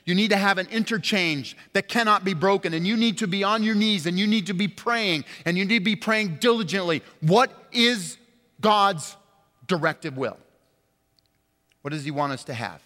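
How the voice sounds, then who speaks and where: Male pastor mid-sermon: high, bright, forceful voice, passionate, long church reverb. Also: normal speed. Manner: impassioned preaching, swinging from loud emphatic highs to quiet low stresses. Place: church sanctuary.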